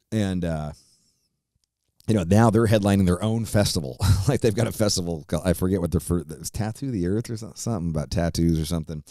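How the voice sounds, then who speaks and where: Low-pitched and dark, a middle-aged male podcast host's voice comes across dry and clean from the studio. He tells a story in a casual, meandering, foul-mouthed way, with lots of fillers and restarts.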